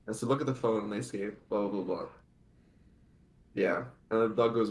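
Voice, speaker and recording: A man's voice: lowish voice, fairly even intonation, moderate pace. A man co-hosting a casual anime podcast, recapping the plot in long rambling run-on sentences. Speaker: podcast co-host. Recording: echoey room.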